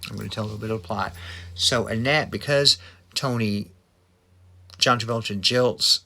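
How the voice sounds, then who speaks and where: A man's voice: fairly low pitch, moderate pace, gravelly, pushed and bright. A middle-aged man hosting a casual film talk, chatty and gushing, with many ums and restarts. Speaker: host.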